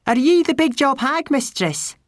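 A tiny, polite pixie woman who delivers a message with formal courtesy and a lilt, as a woman reader voices her. The voice sits very high. The sound is dry and close. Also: animated, normal speed, no echo.

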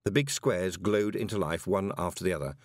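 Male narrator, audiobook, expressive, low pitch, dry. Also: a little fast, dry recording. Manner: expressive storytelling.

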